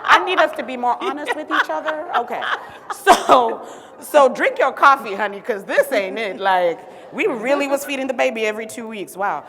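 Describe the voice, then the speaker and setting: A woman physician from Zimbabwe tells her story on stage and keeps dropping playful asides to the crowd. Her voice sits a little high. A long reverb trails each phrase through the large hall. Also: normal speed. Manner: sassy, animated asides to the audience. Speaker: physician and city health director speaking on stage. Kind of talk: storytelling public talk.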